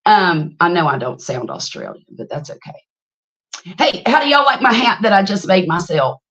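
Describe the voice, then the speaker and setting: A woman's voice: fairly low pitch, big pitch swings, normal speed, a bit bright. A woman, hosting a casual livestream, telling stories, greeting viewers by name and laughing often. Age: 50s. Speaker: livestream host.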